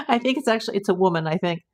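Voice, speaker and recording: A woman's voice: medium pitch, expressive, fast talker, darkish tone. A woman, a private investigator, hosting a casual live stream from home and chatting as she answers viewer comments aloud.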